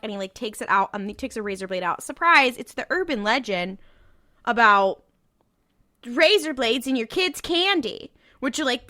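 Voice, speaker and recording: In a dry, clean studio recording, a slightly high-pitched woman with lively intonation speaks at a moderate pace, her voice pushed and bright. She's a co-host on a casual rewatch podcast, summarizing an episode in a breezy, profane way with lots of filler.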